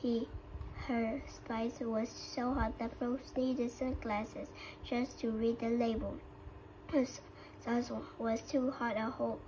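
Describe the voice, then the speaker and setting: A woman with a Vietnamese accent reads a children's story aloud. Her voice sits a little high, and her reading halts with frequent slips and restarts. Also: darkish tone, slight background noise, poor audio. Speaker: storybook reader.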